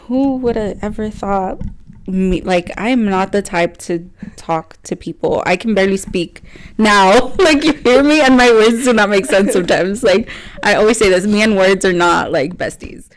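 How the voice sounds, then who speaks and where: With a little hiss or hum in the background, a young woman speaks at a moderate pace in a medium-pitched voice while co-hosting a faith podcast. The chat is casual and rambling, full of laughs and "like" fillers, and she's teary at moments.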